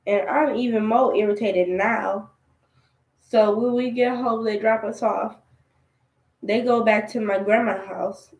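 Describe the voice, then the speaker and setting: A woman's voice: medium pitch, fairly even intonation, unhurried, darkish tone. A young woman in her teens recounting a personal story in a conversational, aggrieved way for a storytime vlog. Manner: aggrieved, conversational retelling with quoted dialogue. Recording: echoey room.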